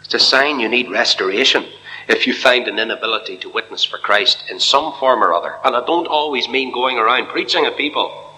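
A man preaching an evangelical sermon to a congregation in church, impassioned, dropping to a hush and then rising high. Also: brisk, slight background noise. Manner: impassioned, swinging from hushed to soaring. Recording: long reverb of a hall.

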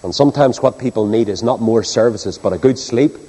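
A man's voice: medium pitch, fairly quick, mellow, slightly rough. A man preaching a sermon, asking the congregation rhetorical questions. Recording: long hall reverb.

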